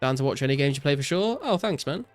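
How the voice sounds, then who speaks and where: A young man streaming a game, reading chat aloud and answering viewers in a relaxed way, full of "like" and "um". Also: mid-range voice, quick pace, soft background music. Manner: relaxed, reads out chat messages and answers viewers with many fillers. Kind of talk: casual live-stream chat while gaming.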